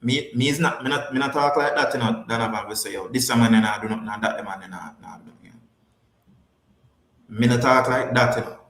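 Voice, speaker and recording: A man's voice: mid-range voice, fast, fairly bright tone, echoey room. Jamaican man riffing on a podcast. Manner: emphatic, repeats phrases. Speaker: podcast host. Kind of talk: casual livestream chat, answering viewers.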